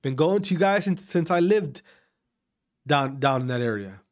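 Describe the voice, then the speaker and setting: Animated ranting man with high lively pitch. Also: moderate pace. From Wisconsin, USA. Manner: profane, repetitive, animated ranting; restarts and repeats phrases. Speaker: vlogger. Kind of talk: casual rant to camera.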